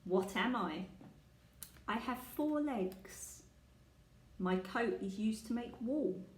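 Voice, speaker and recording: A woman's voice: a little high, animated, slow pace, darkish tone, slight background noise. A woman leading a guessing game for young children, speaking patiently and asking the listener questions. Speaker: children's teacher. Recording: echoey room.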